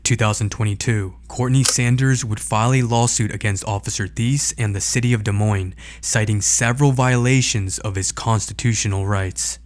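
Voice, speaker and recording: A man narrating a scripted account as channel host, in a measured, deliberate reading. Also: lowish voice.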